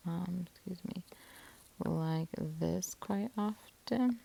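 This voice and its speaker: A woman teaching a spelling lesson, slowly sounding out syllables and letter patterns, with many soft whispered sounds. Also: fairly low pitch, vocal fry. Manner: slow, deliberate, sounding out words.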